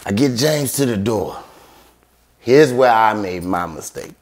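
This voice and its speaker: A man's voice: on the low side, lively intonation, a little slow. A man telling a story in casual podcast chat, acting out quoted voices and swearing freely.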